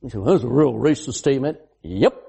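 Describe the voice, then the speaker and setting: Emphatic preacher, husky and very animated, mid-sermon, asks the congregation questions and acts out quotes. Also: medium pitch, fairly quick. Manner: acts out quoted speech in varied voices.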